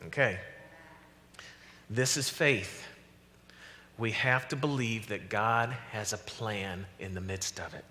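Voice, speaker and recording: A man preaching a sermon as pastor, animated and conversational, acting out quoted voices as he goes. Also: medium pitch, big-room sound. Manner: animated preaching, acts out voices of God and the prophets. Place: church sanctuary.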